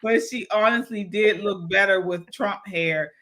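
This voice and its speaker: A woman's voice: medium pitch, a little slow, a bit bright, slight background noise. A woman co-hosting a casual political talk show, chatting and reading viewer comments aloud. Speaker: show co-host.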